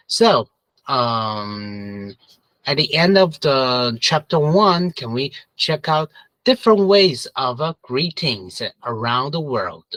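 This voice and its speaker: A man's voice: medium pitch, bright, forceful tone, dry recording, low-quality recording. A man teaching an English review lesson, patiently repeating questions and prompting students to answer together.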